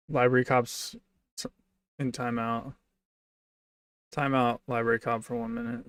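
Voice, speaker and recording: A man's voice: medium pitch, level tone, measured pace, long pauses, a bit bright, smooth, no echo, distant mic. A young man streaming, giving crude, mocking reaction commentary in a casual way.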